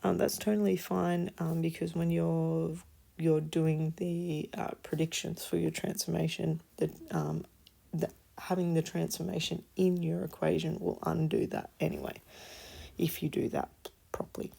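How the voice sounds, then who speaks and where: A low, level, warm voice with a creaky quality belongs to a woman giving a worked-example maths lesson. Tired and yawning, she explains with slow patience, and her speech drops to a murmur as she reads out figures.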